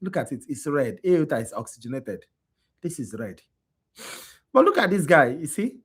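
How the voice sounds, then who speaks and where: A worn-out man teaches an anatomy class. His voice is husky and his pitch rises and falls a lot. He keeps asking his students whether they follow. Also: very animated, normal speed. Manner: quizzing students with repeated checks like "you understand?". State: tired. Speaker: anatomy instructor. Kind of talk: classroom lecture.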